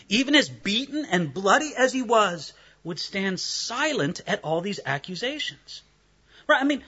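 A man preaching an expository sermon, animated and acting out the quoted voices of the figures he describes. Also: sits high, slightly rough, highs cut off.

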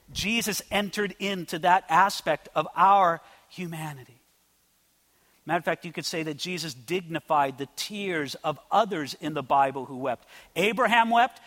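A man preaching a sermon as pastor, swinging between loud declarations and soft, intimate asides. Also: high-pitched, in a large hall.

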